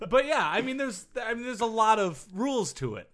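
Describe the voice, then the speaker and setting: A man co-hosting a casual comedy podcast, goofy and quick to play around. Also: high voice, very animated, background noise. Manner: goofy, breaks into silly voices and shouts. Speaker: podcast co-host.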